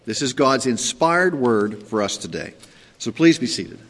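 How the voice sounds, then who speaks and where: A man's voice: medium pitch, expressive, a little slow, a bit bright, in a large hall. A man preaching a sermon as pastor, reading scripture aloud, then explaining it in a conversational way with frequent "okay?" check-ins. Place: church sanctuary.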